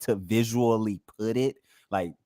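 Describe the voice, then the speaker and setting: A man co-hosting a live music review, talking casually and excitedly with frequent stammers. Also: fairly low pitch, a little slow, no echo, studio quality. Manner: stammering, excitable, agreeing often. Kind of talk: casual live reaction talk.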